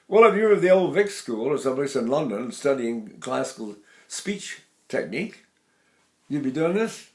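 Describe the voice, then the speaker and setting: Older male voice teacher, slightly high speaking voice, explains and demonstrates vowels. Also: lively intonation, a little slow. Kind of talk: vocal technique lesson with sung demonstrations.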